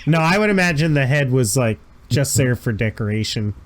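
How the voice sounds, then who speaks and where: A man's voice: medium pitch, expressive, a little fast, faint music behind. A man running a tabletop role-playing game as game master, narrating scenes in a casual, descriptive way. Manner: casual, descriptive, chuckling asides.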